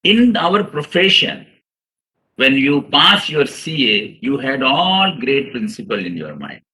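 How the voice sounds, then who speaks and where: Bright-voiced man lecturing. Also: medium pitch, very animated, takes it slowly, low-quality recording. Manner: earnest, addresses audience as "sir", acts out quotes. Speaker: chartered accountant giving a professional seminar. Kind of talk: seminar lecture with storytelling.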